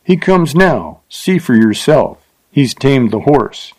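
A man's voice: medium pitch, very animated, slow pace, a little mellow. A man voicing a fierce, boastful frontier gunman who talks in a blustering, derisive way. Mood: threatening. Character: Wild Bill, fierce boastful male gunman.

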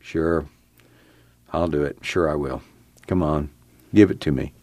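A man's voice: fairly low pitch, lively intonation, normal speed, no room sound. Seorang pria memerankan paman petani paruh baya yang murung dan berduka, berbicara dengan dialek pedesaan. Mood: resigned. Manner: rural dialect, sullen then fierce. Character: sullen grieving middle-aged farmer uncle.

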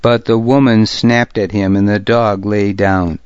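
A man reading a historical novel aloud as a narrator, in a measured, steady way. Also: fairly low pitch, clean tone, no room sound, highs cut off. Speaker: audiobook narrator. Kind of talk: scripted narration.

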